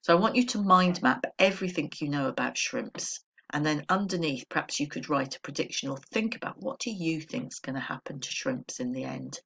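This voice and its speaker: A woman primary school teacher with an English accent, giving a recorded remote lesson in a clear, patient, instructive way. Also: sits low, animated, fairly quick, hardly any pauses, a bit bright, highs cut off.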